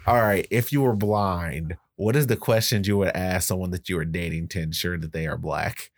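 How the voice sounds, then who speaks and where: A young co-host in a casual podcast chat, joking with quick comebacks. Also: deep voice.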